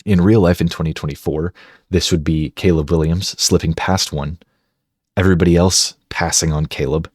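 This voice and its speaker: A man with a deep, low-pitched, slightly husky voice talks through football draft scenarios in a chatty way. He thinks out loud as he goes, and the recording is dry and close with no room sound. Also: fairly even intonation, normal speed, dry recording. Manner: chatty, conversational, thinks aloud. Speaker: sports video host. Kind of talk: casual football draft analysis.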